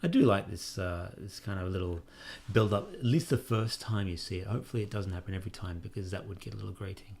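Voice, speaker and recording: Low gravelly guy doing let's play commentary, reads menus out loud, kinda wry. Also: expressive, moderate pace. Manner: reads game prompts aloud, wry musing. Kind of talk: casual gameplay commentary.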